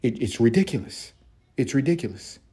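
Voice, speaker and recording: A man's voice: medium pitch, big pitch swings, a little fast, warm tone, husky. A man hosting a podcast, delivering a profane, mocking rant and laughing often. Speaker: podcast host. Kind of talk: ranting commentary monologue.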